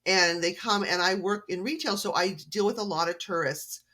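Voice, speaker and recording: A woman's voice: fairly low pitch, normal speed, bright, forceful tone. A woman from Canada, an author guest on a podcast, telling stories in a friendly, chatty way. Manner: friendly, storytelling. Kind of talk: casual interview chat.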